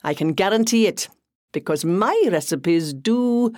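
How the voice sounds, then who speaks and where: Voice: medium pitch, expressive, a little slow, darkish tone, dry recording, studio quality, voice pushed up, lightly acted. A narrator voicing a cheery male Welsh TV chef from North Wales, full of beaming showman patter, in an audiobook. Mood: chirpy.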